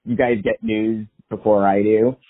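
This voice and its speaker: A man's voice: on the low side, level tone, unhurried. A man from the US West Coast, a podcast guest in casual chat, agreeable and reflective, heard over a tinny phone-like line.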